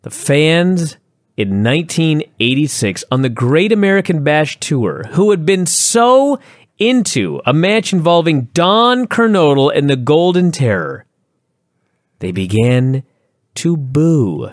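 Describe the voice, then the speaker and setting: A man co-hosting a wrestling review podcast, talking in an excitable, enthusiastic way and swearing freely. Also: on the high side, takes it slowly, no room sound, clean studio sound. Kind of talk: casual chat.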